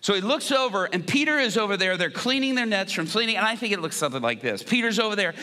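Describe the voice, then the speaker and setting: A man preaching a sermon at a church service, telling joking, lively stories. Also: sits high, quick pace, few pauses. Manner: animated, joking storytelling. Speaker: guest preacher.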